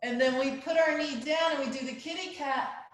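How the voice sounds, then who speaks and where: High-voiced woman guiding kids' yoga. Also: normal speed. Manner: encouraging, playful, makes animal sounds. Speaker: kids yoga teacher. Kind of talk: guiding a children's yoga class. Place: live virtual class. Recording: very echoey room.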